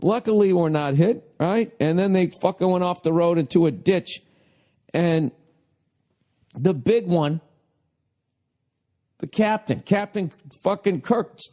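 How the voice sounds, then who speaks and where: A man's voice: sits high, a little mellow. A middle-aged man hosting a podcast, ranting in a profane, comedic way and slipping into mocking voices. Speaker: podcast host.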